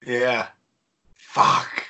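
A male podcast host asking casual questions, often restarting himself and answering with quick acknowledgments. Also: medium pitch, flat delivery, pushed and bright. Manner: hesitant, restarts questions, frequent short acknowledgments. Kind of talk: casual interview.

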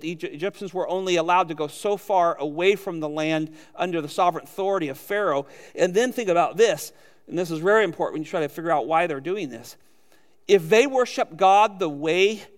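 A male pastor preaching a sermon, animated, acting out quoted voices as he goes. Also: fairly high pitch, big-room sound.

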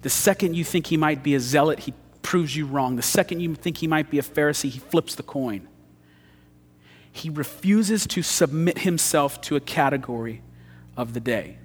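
A male pastor preaching a sermon, swinging from loud emphasis to hushed intensity. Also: on the high side, normal speed, breathy edge. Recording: long church hall reverb.

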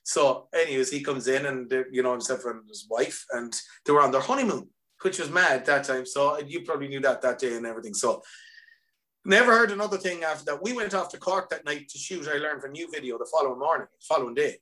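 Bright-voiced Irish man telling stories. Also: medium pitch. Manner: chatty storyteller, quick asides. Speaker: singer, guest. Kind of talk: casual chat.

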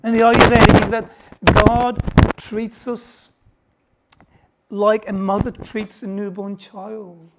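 A man preaching a sermon in an emphatic, conversational way, often pausing for effect. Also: high voice, little pitch movement. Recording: loud background noise.

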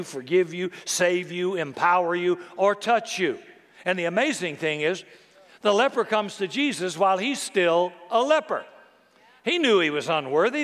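A middle-aged man preaching a sermon in an animated, conversational way with touches of humor. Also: high voice. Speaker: pastor. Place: large church hall. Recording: long hall reverb.

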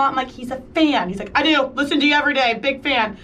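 A woman's voice: high voice, fast talker, recorded from a distance, noisy background. A woman co-hosting a podcast, telling a story in casual chat and acting out the quoted dialogue. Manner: chatty, acts out quoted dialogue. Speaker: podcast co-host.

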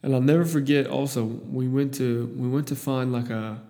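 A man's voice: mid-range voice, steady tone, moderate pace, dark tone, big-room sound. A young man from Iowa telling a story in a casual, rambling, profane way, with many restarts.

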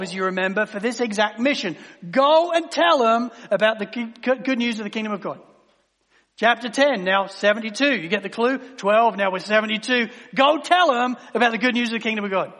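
Male pastor, conversational sermon delivery with hushed drops; hall reverb. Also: extremely high pitch. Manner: conversational preaching, dropping to near-whispers.

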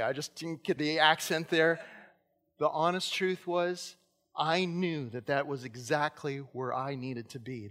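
A man's voice: fairly high pitch, a bit bright. A man in his fifties, a pastor, preaching a sermon in an earnest storytelling way in a church. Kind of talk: sermon with personal stories. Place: church sanctuary. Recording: long church reverb.

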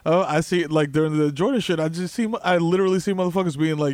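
A man's voice: a little high, fast, a little mellow, no room sound, clean studio sound. A man co-hosting a casual comedic chat, talking in loose, laughing banter. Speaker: podcast co-host.

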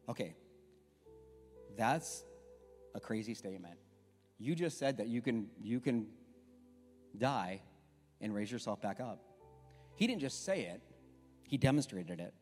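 A man's voice: lowish voice, very animated, a little slow, long pauses, a little mellow. Conversational man preaching a sermon. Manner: conversational, storytelling, emphatic. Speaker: pastor. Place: church sanctuary. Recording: echoey hall with faint music.

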